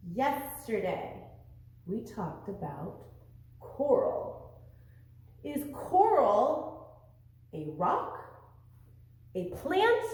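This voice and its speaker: A woman teaching a lesson to young children, asking questions in a sing-song, animated way. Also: fairly high pitch. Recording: very echoey room.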